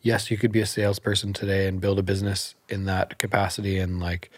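A man's voice: low-pitched, little pitch movement, quick pace, no room sound. A man who works as a realtor, talking in a casual podcast chat as a guest, telling stories animatedly and laughing often.

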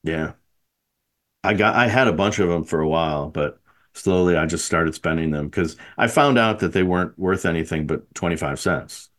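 A Midwestern American man hosts a casual podcast chat in a low voice at a moderate pace. He rambles, corrects himself, and chuckles frequently.

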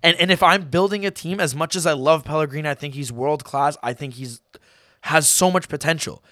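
A young man co-hosting a casual football podcast, talking in an animated, rambling way and swearing freely. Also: on the high side, brisk, no echo, clean studio sound. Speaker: podcast co-host.

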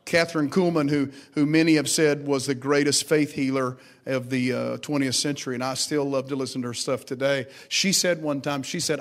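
A man's voice: mid-range voice, steady tone, moderate pace, few pauses. A middle-aged pastor preaching a sermon, acting out scripture quotes with dramatic rises in his voice. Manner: dramatic rises when quoting God.

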